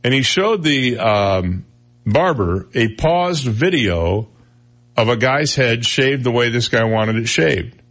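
A man's voice: medium pitch, lively intonation, fairly bright tone. A man hosting a casual radio talk show, telling odd news stories with jokey asides. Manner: chatty storyteller, jokey asides, quick impressions. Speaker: radio host.

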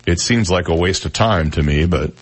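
A man's voice: low voice, normal speed, slightly rough. A man hosting a talk radio show, chatting casually and reading news stories with wry, joking asides.

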